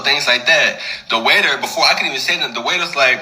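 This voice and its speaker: A man tells a personal story in a loose, animated, conversational way. His voice is very bright and forward. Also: fairly high pitch, fast talker, hardly any pauses, poor audio. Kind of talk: casual storytelling.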